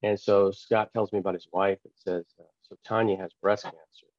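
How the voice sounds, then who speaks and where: Lively low-voiced man telling a story. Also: normal speed, dry recording, muffled recording. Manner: animated, acts out quoted dialogue. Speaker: pastor and author, guest. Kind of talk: storytelling testimony in an interview.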